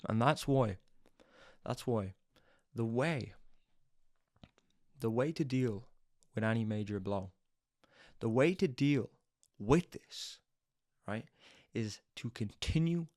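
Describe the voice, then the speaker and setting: A young man hosts a motivational talk in an intense, swearing delivery. His voice sits at an everyday mid pitch, and he drives each point home by repeating it over and over. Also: a little mellow. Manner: intense, profane, hammering repetition. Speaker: podcast host. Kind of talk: motivational monologue.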